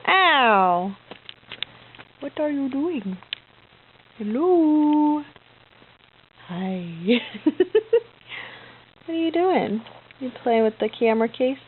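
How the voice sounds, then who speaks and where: A woman's voice: high voice, animated, slow, pauses often, narrow, tinny audio, slight background noise. A mother filming her toddler at home, coaxing her in sing-song baby talk. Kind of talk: home video.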